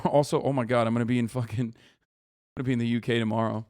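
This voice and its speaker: A man's voice: mid-range voice, steady tone, very fast, no room sound, studio quality. A man reacting to a video as a streamer, ranting casually and profanely with lots of fillers. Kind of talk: casual commentary.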